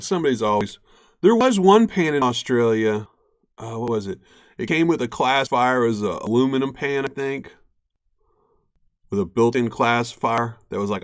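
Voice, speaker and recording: Panning for gold on a live stream, this young host keeps up easygoing chatter with his viewers and his cat, laughing frequently. The recording is studio quality with no echo, and his voice sits in the mid range.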